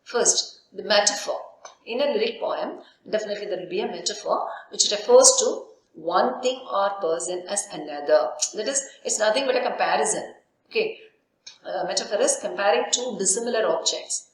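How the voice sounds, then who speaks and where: A woman's voice: medium pitch, animated, normal speed. A woman university lecturer giving a recorded literature lesson, asking herself questions and answering them, often saying "okay". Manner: explains with frequent "okay" and rhetorical questions. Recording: very echoey room.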